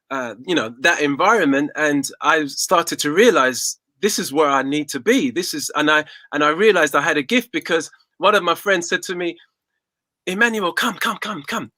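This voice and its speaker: A man's voice: a little high, moderate pace, sharp tone, dry recording. A man in his forties, a guest singer in a casual interview, telling his story reflectively and repeating words as he thinks. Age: 40s.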